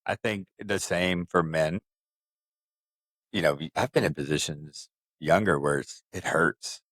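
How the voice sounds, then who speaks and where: Deep voice guy in his 40s, thoughtful podcast co-host, dry mic. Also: a bit bright, dry recording. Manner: reflective, advice-giving, measured. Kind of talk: candid casual chat.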